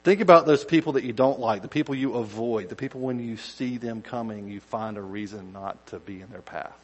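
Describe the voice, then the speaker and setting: A male pastor giving a conversational sermon, dropping to quiet asides and rising to loud acted-out shouts. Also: mid-range voice, fairly quick, muffled recording.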